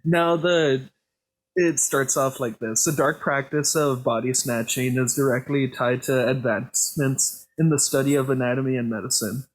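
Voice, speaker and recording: A man co-hosting a podcast, reading out topic notes haltingly with many fillers. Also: mid-range voice, fairly even intonation. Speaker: podcast co-host.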